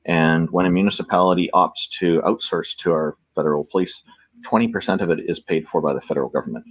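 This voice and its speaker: Man from Canada, very deep voice, casual rambling talk, dry close sound. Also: quick pace, no room sound, low-quality recording. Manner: rambling, many fillers and restarts. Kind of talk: casual conversation.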